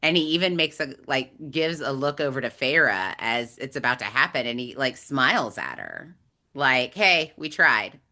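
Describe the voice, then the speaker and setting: A woman co-hosting a podcast, recapping a book in animated, chatty storytelling. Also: a bass voice, normal speed. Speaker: podcast co-host. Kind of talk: casual book discussion chat.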